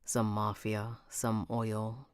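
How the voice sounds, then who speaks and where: A woman's voice: rumbling low, flat delivery, takes it slowly, darkish tone, smooth, no echo, studio quality, voice pushed down. A woman reading as a charming rich young man. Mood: storytelling.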